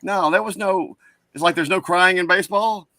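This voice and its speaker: A man's voice: high voice, normal speed, pushed and bright, dry recording. A man co-hosting a podcast, talking bluntly and profanely in casual chat, rambling through stories. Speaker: podcast co-host.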